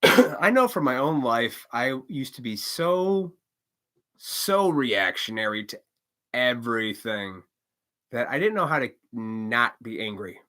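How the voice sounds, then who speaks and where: A man talks loosely through a live stream monologue, his pitch bouncing around a lot as he goes. His tone is bright and forward, with frequent profanity, short chuckles and quick acted-out quotes. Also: big pitch swings. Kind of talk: casual rambling monologue.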